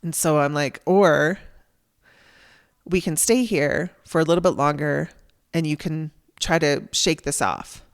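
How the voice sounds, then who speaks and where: A woman's voice: deep voice, a little slow, clean tone. A woman hosting a podcast, telling a raw personal story in a candid, emotional way and swearing casually. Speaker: podcast host.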